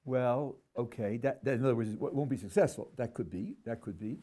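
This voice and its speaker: A man's voice: mid-range voice, fairly quick, mellow. A rabbi teaching a class, reading a text aloud and analyzing it, stressing words and putting questions to his listeners. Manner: emphatic, acts out the dialogue he reads.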